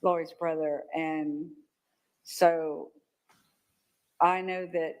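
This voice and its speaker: An older woman testifying as a witness in a courtroom. She talks haltingly and often repeats words as she recalls events. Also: deep voice, little pitch movement, low-quality recording. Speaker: trial witness.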